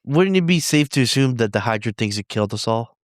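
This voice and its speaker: A man's voice: mid-range voice, lively intonation, fast talker, smooth, dry recording, clean studio sound. A man playing a tabletop game, speculating in a laid-back way. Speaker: player. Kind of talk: casual tabletop chat.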